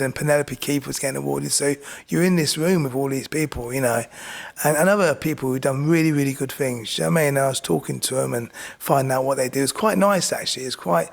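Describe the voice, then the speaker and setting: A middle-aged man tells his stories with lively energy, keeps checking in with his listener, and has a gravelly, creaky edge to his voice. He speaks at a medium pitch, relaxed and chatty, like a guest on a podcast. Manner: animated, repeats "do you know what I mean". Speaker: boxing coach and podcast guest. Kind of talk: casual storytelling.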